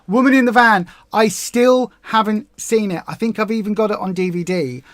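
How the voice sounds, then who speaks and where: A woman's voice: mid-range voice, no room sound. Chatty woman on a livestream. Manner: chatty, excitable, quick asides. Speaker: co-host of a weight loss livestream. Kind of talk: casual livestream chat.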